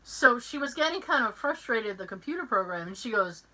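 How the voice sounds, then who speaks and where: A woman's voice: on the high side, quick pace, hardly any pauses, poor audio. A woman hosting a podcast, chatting casually and acting out the voices of people in her stories. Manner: animated storyteller who acts out every voice in her anecdotes. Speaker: podcast host. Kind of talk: casual chat.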